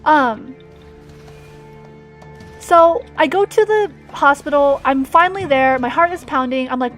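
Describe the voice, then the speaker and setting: A woman streamer telling a personal story with emotional swings, many fillers and restarts, and sudden loud moments. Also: sits high, normal speed, faint music behind.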